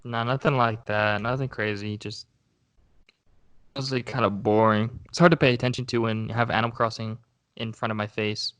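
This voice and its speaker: A young man co-hosting a casual podcast, talking in a loose, rambling way with frequent restarts. His voice is smooth and resonant, recorded close and dry with no room echo. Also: on the low side, steady tone, normal speed, fairly bright tone. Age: young adult. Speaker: co-host.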